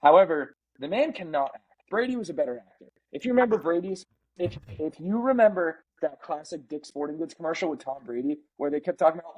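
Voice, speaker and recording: A man co-hosting a casual sports podcast, ranting in an animated way and slipping into mock impressions. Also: on the high side, quick pace, rough recording. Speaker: podcast co-host.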